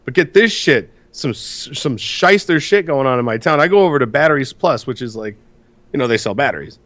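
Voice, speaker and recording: Congested male co-host, profane and animated. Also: medium pitch, fairly quick. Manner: profane, ranting, animated storytelling. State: congested from sinus issues. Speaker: podcast co-host. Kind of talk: casual podcast chat.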